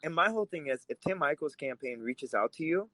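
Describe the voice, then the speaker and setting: A man's voice: a little high, expressive, fairly quick, bright, forceful tone, no room sound, rough recording. Fired-up man from Russia on a podcast. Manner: fired up, emphatic, swears when angry. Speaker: podcast co-host. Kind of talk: heated political podcast talk.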